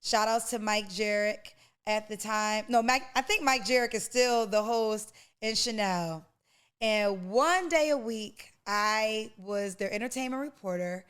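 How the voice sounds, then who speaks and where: A woman's voice: mid-range voice, unhurried, a bit bright, clear, resonant tone. A woman in her forties, a podcast host, giving an emotional, preacher-like personal testimony and calling the listener honey and baby. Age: 40s.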